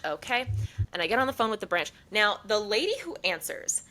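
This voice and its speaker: A woman's voice: mid-range voice, animated, a little fast, sharp tone, low-quality recording. A young woman co-hosting a podcast, telling a long story in casual chat and acting out the people she quotes. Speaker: podcast co-host.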